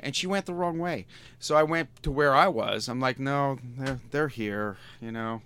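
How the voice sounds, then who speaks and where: A man's voice: on the high side, lively intonation, normal speed, fairly bright tone, clear, resonant tone, no room sound. A man in his fifties telling a story in casual chat, exasperated and profane, with frequent stammering restarts. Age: 50s.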